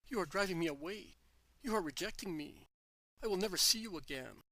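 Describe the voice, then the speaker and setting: A man's voice: high voice, big pitch swings, slow pace, bright, forceful tone, no echo, exaggerated voice. A man voicing a sobbing, desperate old teacher. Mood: desperate pleading. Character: old male teacher, weeping, desperate and pleading.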